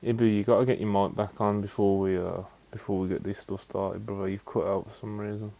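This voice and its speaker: A man's voice: on the low side, little pitch movement, a little fast, vocal fry, dark tone. A man co-hosting a casual podcast, easygoing and chatty. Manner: easygoing, says bro a lot. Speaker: podcast co-host.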